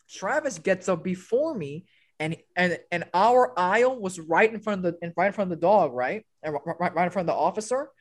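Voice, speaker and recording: A young man on a podcast with old school friends, telling a story in casual chat, swearing freely and acting out what other people said. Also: sits high. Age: young adult. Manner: animated, swearing, acts out other people's lines. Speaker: podcast co-host.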